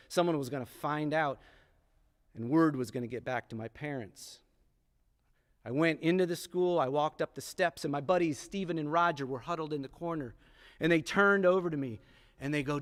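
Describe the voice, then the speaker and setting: A man telling a personal story live on stage, with dramatic pauses and repeated lines for emphasis. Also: a little high. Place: historic theatre stage. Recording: long theatre hall reverb.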